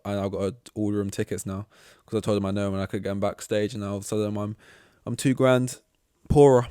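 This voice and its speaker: A man's voice: lowish voice, mellow, dry recording, clean studio sound. A man hosting a solo podcast, rambling and self-deprecating, swearing as he acts out awkward conversations. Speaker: podcast host.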